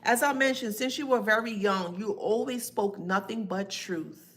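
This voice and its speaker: A woman's voice: medium pitch, moderate pace, a bit bright. A woman doing a live tarot reading who talks to her chat in a sassy, emphatic way and laughs often. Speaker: tarot reader.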